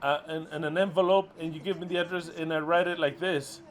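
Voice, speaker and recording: A middle-aged man running a ministry keeps a steady tone, a little fast, while profanely scolding his exasperating followers. He alternates loud outbursts with low muttering.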